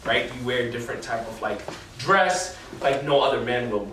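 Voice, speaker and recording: A man's voice: mid-range voice, animated, normal speed, fairly bright tone, slight background noise. A young man preaching a casual sermon in a chatty way full of fillers and slang, recorded in a church hall away from the mic. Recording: echoey hall from far off.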